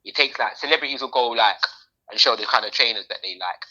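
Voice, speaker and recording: A man's voice: medium pitch, fast talker, lo-fi sound. A man, co-hosting a podcast and telling stories in slang-heavy casual chat, acting out other people's voices. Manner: animated storyteller, slang-heavy, acts out voices. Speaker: podcast co-host.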